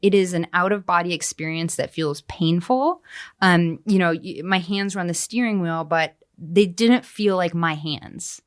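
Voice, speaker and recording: A woman's voice: fairly low pitch, normal speed, no echo, clean studio sound. A woman author speaking as a podcast guest, talking openly and mocking herself, often laughing mid-sentence. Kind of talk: candid podcast conversation.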